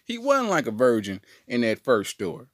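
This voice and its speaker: A man telling a comedic story on a podcast in an animated, slangy way. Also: medium pitch, normal speed, no room sound, clean studio sound. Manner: animated, slangy, jumps into voices. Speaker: podcast co-host.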